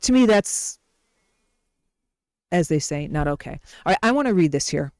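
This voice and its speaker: A woman's voice: low voice, expressive, quick pace, a little mellow, no room sound. A woman hosting a wellness video, talking casually and unscripted in a rambling, self-correcting way. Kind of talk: casual unscripted talk to camera.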